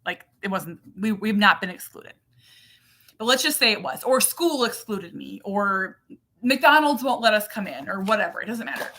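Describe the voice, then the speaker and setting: A woman's voice: mid-range voice, animated, normal speed, sharp tone. A woman in her thirties or forties, a mother and channel host, chatting casually and animatedly on a livestream, full of fillers.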